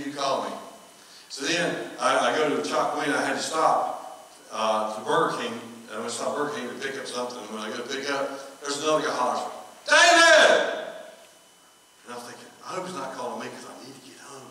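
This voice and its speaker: A man's voice: mid-range voice, sharp tone, a little hiss or hum. A man, a pastor preaching a sermon in a folksy, conversational storytelling way, acting out quoted dialogue. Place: church sanctuary. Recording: echoey hall, from far off.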